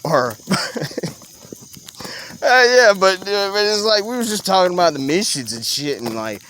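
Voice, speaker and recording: A young man spins a loose, animated story in a casual chat. He swings from loud outbursts down to low mutters and laughs easily. Faint crickets chirp behind him outdoors. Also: unhurried, slight background noise.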